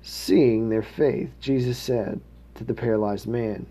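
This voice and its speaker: Man with a mellow voice reading scripture aloud. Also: medium pitch, slow. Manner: steady reading with occasional slips and self-corrections. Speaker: scripture reader.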